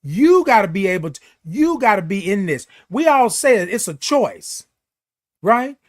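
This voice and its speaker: A man's voice: sits high, sing-song, measured pace. A middle-aged man hosting a morning live show, giving an emphatic, preachy pep talk that repeats key phrases and reads viewer comments.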